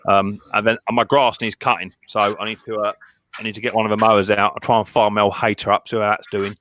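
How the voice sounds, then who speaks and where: A man hosting a casual live stream chat, rambling and halting, with many restarts and fillers. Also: fairly low pitch, little pitch movement, a bit bright, dry recording.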